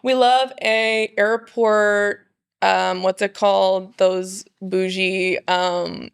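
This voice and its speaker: A woman chatting casually as a podcast guest, playful and animated, acting out her own inner voice. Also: mid-range voice, very slow, creaky, clean tone, no echo, clean studio sound. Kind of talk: casual chat.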